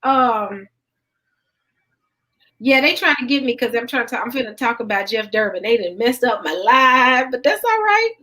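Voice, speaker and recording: A woman with a Southern US accent hosting a casual late-night livestream chat in a lively, folksy way. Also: on the high side, low-quality recording. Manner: lively, folksy, quick to laugh. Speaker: livestream host.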